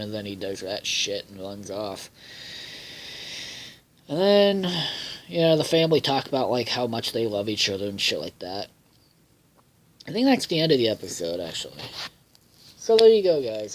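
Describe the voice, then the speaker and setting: A young man talks through a cartoon episode in loose, casual chat, with many fillers and frequent swearing. His voice sits at an ordinary middle pitch for a man. Now and then he jumps higher to act out characters' lines. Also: normal speed, long pauses. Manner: rambling, profane, with many fillers. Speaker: show reviewer.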